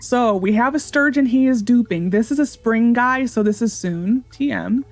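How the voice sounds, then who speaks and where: A woman's voice: on the high side, moderate pace, no echo, faint music behind. A woman hosting a gaming channel, chatting casually and thinking aloud as she plays. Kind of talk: casual let's-play commentary.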